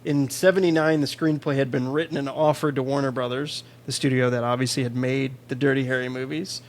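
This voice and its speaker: A man's voice: medium pitch, flat delivery, a little fast, a little hiss or hum. A man from Chicago co-hosting a podcast, chatting casually about a film, swearing freely and reading out trivia. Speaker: podcast co-host. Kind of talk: casual film review chat.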